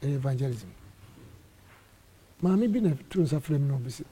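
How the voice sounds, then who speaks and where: A middle-aged man from Ghana, an apostle, telling animated stories in an interview and acting out the dialogue. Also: medium pitch, normal speed, breathy edge. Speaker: apostle and church area head. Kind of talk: storytelling interview testimony.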